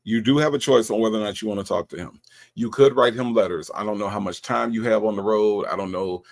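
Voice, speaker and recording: A man hosting a livestream, commenting on call recordings in a confrontational, drawn-out manner. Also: lowish voice. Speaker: livestream host.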